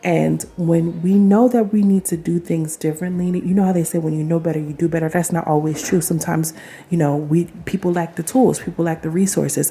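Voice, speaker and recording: A woman's voice: sits low, mellow. A young woman talking casually to camera as a vlogger, chatty and affirming, speaking straight to her viewers with laughs and asides.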